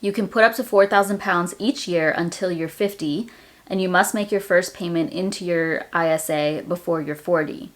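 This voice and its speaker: A woman's voice: on the low side, normal speed. An American woman hosting a personal finance video, talking in a chatty, friendly way. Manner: chatty and friendly, says y'all. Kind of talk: casual direct-to-camera finance talk.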